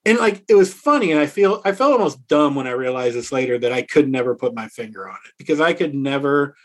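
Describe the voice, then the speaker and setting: A middle-aged man telling a personal story to an interviewer, reflective and earnest, slowing down to stress key words. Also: mid-range voice, expressive. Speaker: author and interview guest.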